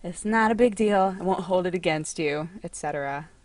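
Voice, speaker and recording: A young woman hosting a casual livestream from home. She talks in a chatty, excitable way and coos to her cat. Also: fairly low pitch, moderate pace, no room sound. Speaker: livestream host.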